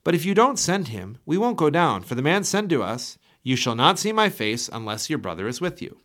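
A man's voice: fairly high pitch, very animated, fairly quick, a bit bright. A man reading the earnest, persuasive words of a grown son reasoning with his father.

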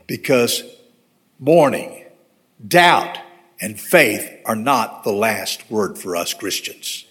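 A man's voice: medium pitch, very animated, slow, fairly bright tone, breathy edge. A man, a pastor, preaching a storytelling sermon in a church and closing in earnest prayer. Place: church sanctuary.

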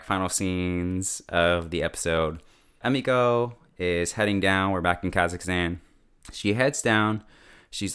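A man casually recapping and reviewing a TV episode, jumping into quick acted-out character voices with laughs. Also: lowish voice, clear, resonant tone. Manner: animated, acts out characters in quick bursts. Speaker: podcast host recapping a TV episode.

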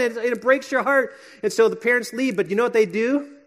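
A man, likely a pastor, preaching a sermon with earnest emphasis that drops to hushed, gentle passages. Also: very high-pitched, brisk.

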